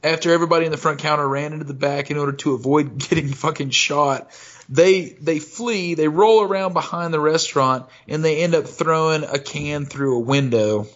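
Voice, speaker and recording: A man chats on a casual podcast, swearing freely and laughing at his own bits. His voice sits a little high. The audio is dull and lo-fi. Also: moderate pace, fairly bright tone. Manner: profane, laughing, acts out silly voices. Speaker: podcast co-host.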